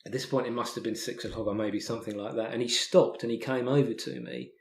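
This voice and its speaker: An English man, a podcast guest, telling a story in casual talk, halting with many restarts and repeated words. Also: mid-range voice, steady tone, vocal fry, a little mellow, echoey room, a little hiss or hum. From England. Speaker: podcast guest, hiker and author.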